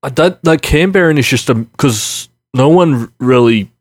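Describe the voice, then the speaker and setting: A man's voice: medium pitch, lively intonation, measured pace. A man with a Western Sydney Australian accent, a podcast co-host arguing his point earnestly in casual chat, often restarting sentences.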